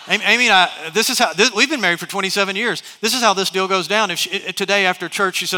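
A man's voice: high voice, quick pace, pushed and bright, big-room sound. A middle-aged man preaching a sermon as pastor, telling stories with many restarts and asides. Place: large church hall.

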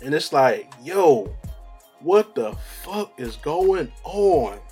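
A man's voice: on the high side, big pitch swings, takes it slowly, dark tone, husky, faint music behind. A young man, rambling in casual slang-heavy chat as a solo vlogger, laughing at his own stories.

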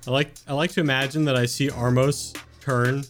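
A man's voice: medium pitch, moderate pace. Male player, giggly, casual, over music. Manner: giggly, animated, laughs a lot. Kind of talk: casual tabletop game play.

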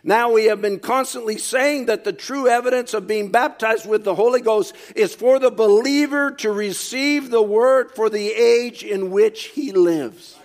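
Man, very high-pitched voice, fervent preacher, reads quotes and comments, shouts key points. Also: a little slow, hardly any pauses. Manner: reads quotations aloud and comments on them. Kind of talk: sermon.

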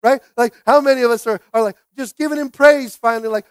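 Male pastor preaching in a church, high voice, dry close sound, goes soft then loud. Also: steady tone, fast, hardly any pauses, clean tone, no echo. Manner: repetitive call-and-response preaching, swings from quiet to shouting. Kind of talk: sermon. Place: church sanctuary.

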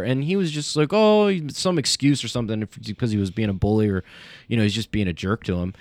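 A man's voice: fairly high pitch, sing-song, a little fast, no echo. A man chatting casually on a podcast, rambling with many fillers and restarts as he tells stories. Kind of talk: casual chat.

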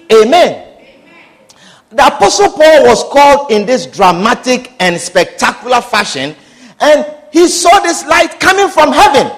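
A man preaching a sermon with passion, repeating phrases and calling out hallelujah and amen. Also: very high-pitched. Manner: impassioned, repetitive, calls out hallelujah and amen.

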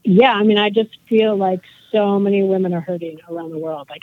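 A woman's voice: mid-range voice, animated, a little fast, dry recording. A woman in her forties speaks earnestly and at length, her thoughts rambling from one point to the next. Her voice comes through a thin, phone-like line with a dry, close sound and no room around it. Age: 40s. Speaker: guest. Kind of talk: casual interview chat.

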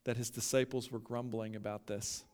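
A male pastor preaching a sermon, emphatic and building to loud peaks as he talks straight to his listeners. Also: mid-range voice, level tone, normal speed, clear, resonant tone, long reverb tail.

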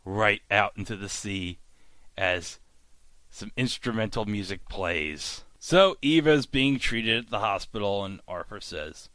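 A man hosting a podcast, casually recapping a TV episode and acting out the characters' lines in animated bursts. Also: fairly low pitch, measured pace, no echo. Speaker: podcast host.

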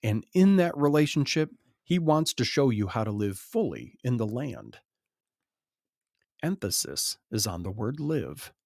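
A man's voice: medium pitch, sing-song, a little slow, creaky, a little mellow, no echo, clean studio sound. A man hosting a podcast, reading Bible passages aloud with emphatic commentary and the odd laugh. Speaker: podcast host reading scripture.

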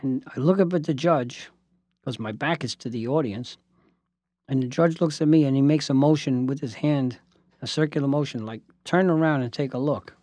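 A man's voice: mid-range voice, normal speed, dry recording. Man telling a courtroom anecdote. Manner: lively storytelling with asides and voiced quotes. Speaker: lawyer. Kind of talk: spoken anecdote.

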